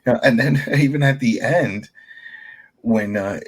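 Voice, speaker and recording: A man's voice: mid-range voice, a little slow, breathy edge. A man co-hosting a podcast, giving blunt, opinionated criticism in casual chat. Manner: blunt and opinionated, acts out quotes. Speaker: podcast co-host.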